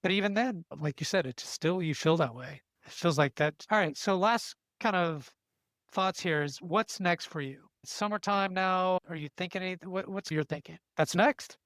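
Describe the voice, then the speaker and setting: A man's voice: sits high, normal speed, a bit bright, no echo. A middle-aged man hosts a casual interview, chatty and encouraging, rambling with restarts. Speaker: podcast host.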